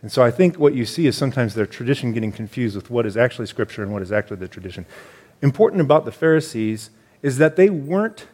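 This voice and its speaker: A fast-talking man with a mid-range voice preaches as church elder. He explains conversationally and stresses points with animation.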